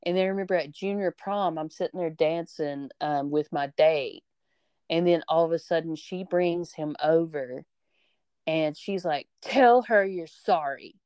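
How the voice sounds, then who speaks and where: Storytelling woman, smooth lowish voice. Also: normal speed, no echo, studio quality. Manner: animated, acts out quoted voices, swears freely. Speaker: podcast host. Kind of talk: casual storytelling chat.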